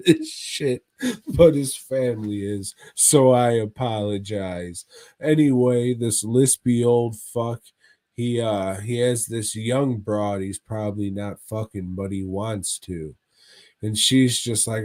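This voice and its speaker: A man's voice: fairly low pitch, takes it slowly, dark tone. A man co-hosting a casual movie review podcast, retelling plots in a rambling, profane way. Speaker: podcast co-host.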